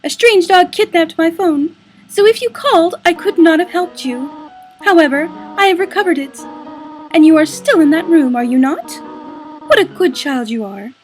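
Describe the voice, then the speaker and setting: A woman voicing a gentle, motherly goat-monster woman who speaks formally and politely while reading game dialogue aloud. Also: very high-pitched, animated, moderate pace, faint music behind, pitched above the performer's own voice. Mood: apologetic. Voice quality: formal, soft-spoken, old-fashioned phrasing.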